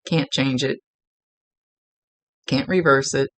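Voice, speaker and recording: A woman's voice: rumbling low, fairly even intonation, takes it slowly, no echo. A woman working as a psychic medium, chattily relaying spirit messages in a casual reading and laughing now and then.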